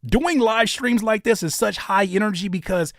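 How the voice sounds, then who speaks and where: Man, live stream host, animated, slightly raised pitch, very dry close sound. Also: no echo. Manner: animated, quick shifts between shouting and muttering. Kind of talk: casual live stream commentary.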